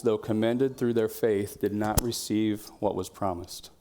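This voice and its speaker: Pastor preaching in a low voice. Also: male voice. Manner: conversational preaching, drops to quiet tones, shouts quoted cheers. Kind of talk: sermon. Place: church.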